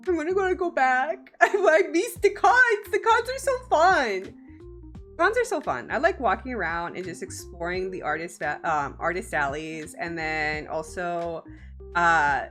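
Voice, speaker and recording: A young woman streams from home and chats casually with her viewers, giggling often and swearing freely. Her voice is medium in pitch with a fairly bright tone.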